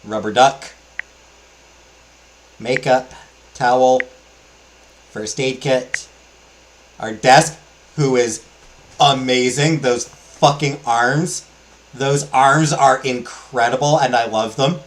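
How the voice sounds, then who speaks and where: Male let's-play host, casual, enthusiastic, filler-heavy, average pitch. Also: fairly even intonation, slow, pauses often, slight background noise, low-quality recording. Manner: rambling, enthusiastic, many fillers. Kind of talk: casual game commentary.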